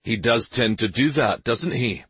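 A man voicing a loyal, steady guard captain with a clipped, matter-of-fact manner in a storybook reading. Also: mid-range voice, a little slow, breathy edge, no room sound, pitched above the performer's own voice. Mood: dry.

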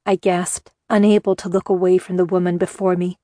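A woman's voice: fairly low pitch, little pitch movement, brisk, warm tone, no room sound, clean studio sound. A woman reading a first-person story aloud with tense, emotional delivery. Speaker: audiobook narrator. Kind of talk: first-person audiobook narration.

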